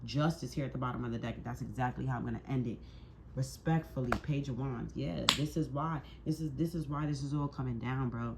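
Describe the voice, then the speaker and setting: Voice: medium pitch, fairly quick, noisy background. Tarot reader, mid-range voice, heated and preachy, heavy swearing, repetitive rhetorical questions. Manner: heated, profane and emphatic, with repeated rhetorical questions; preachy and scolding. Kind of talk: tarot reading monologue.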